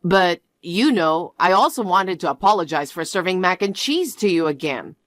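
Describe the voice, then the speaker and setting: A woman voicing a middle-aged mother speaking softly and apologetically in a storybook read. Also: lowish voice, lively intonation, normal speed, dry recording, clean studio sound. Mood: apologetic. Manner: soft and apologetic. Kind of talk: storybook narration.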